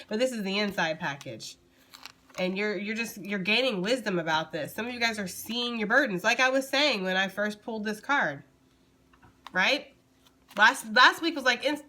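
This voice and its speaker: Blunt woman tarot reader, bright voice, casual and profane, laughs a lot. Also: medium pitch. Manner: blunt, swears freely, laughs often.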